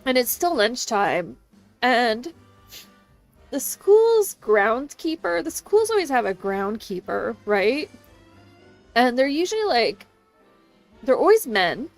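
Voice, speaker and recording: A woman streamer telling a story to her chat in an animated way, swearing freely and laughing often. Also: on the high side, slow, pauses often, soft background music. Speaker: game streamer.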